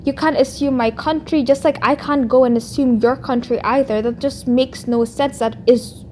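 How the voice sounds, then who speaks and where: A woman's voice: high voice, fairly even intonation, normal speed, a little mellow, slight background noise. A woman with a non-American English accent, ranting at another creator in a vlog and filling her sentences with "like". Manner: exasperated, heavy use of "like". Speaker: YouTuber responding to another creator. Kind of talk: vlog rant.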